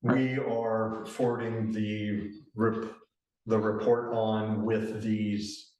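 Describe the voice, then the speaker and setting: A man's voice: fairly low pitch, little pitch movement, drawn-out words, darkish tone. A man chairing a public committee meeting, speaking hesitantly with frequent restarts and dry humor. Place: county meeting room. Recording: echoey meeting room from far off.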